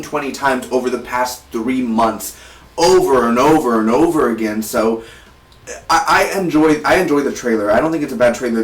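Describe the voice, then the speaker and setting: An eighteen-year-old man from South Texas, reviewing a movie in an energetic, rambling way with many restarts. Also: mid-range voice, distant mic. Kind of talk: casual movie review vlog. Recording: roomy, voice set back from the mic.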